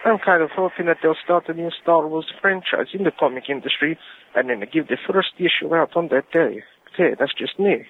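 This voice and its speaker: A man's voice: on the high side, brisk. A man from the United Kingdom leaving a joking call-in message while putting on a comic Eastern European accent. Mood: playful. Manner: jokey, rambling, talks in points. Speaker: caller. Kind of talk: phoned-in voicemail. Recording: phone line.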